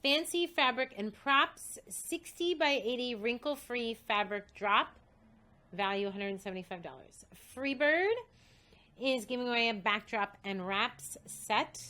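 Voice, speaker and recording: A woman host excitedly reading out a list of prizes, coughing and short of breath. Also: fairly high pitch, unhurried. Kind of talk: casual livestream announcement.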